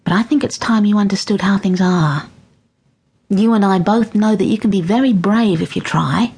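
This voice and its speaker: A woman voicing a calm, kind elderly grandmother in an audiobook, speaking softly and gently, almost in a whisper. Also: mid-range voice, moderate pace, husky. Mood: gentle. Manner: soft, gentle, half-whispered.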